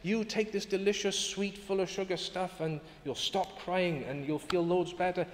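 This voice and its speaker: A preacher putting on a coaxing parent. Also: male voice, high voice, steady tone, normal speed, a little hiss or hum, voice pushed up, close to an everyday voice. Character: parent coaxing a crying child. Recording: echoey hall with long reverb.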